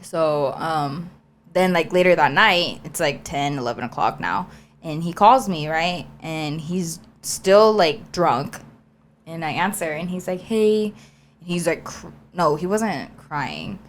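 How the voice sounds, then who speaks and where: A young woman co-hosting a podcast, telling a story in a chatty, animated way with lots of fillers. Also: sits low, unhurried, a little hiss or hum. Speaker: podcast co-host. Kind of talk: casual storytelling chat.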